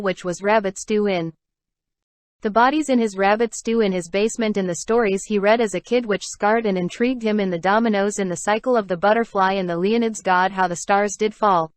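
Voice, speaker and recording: A woman's voice: medium pitch, no echo. Woman chanting surreal spoken-word lines. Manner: chanting, repetitive, dramatic.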